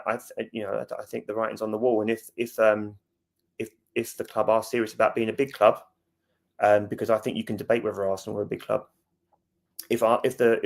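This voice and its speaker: Chatty man on a fan stream. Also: mid-range voice. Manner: chatty, jokey, talks straight to viewers. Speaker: fan channel host. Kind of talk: casual livestream chat reading comments.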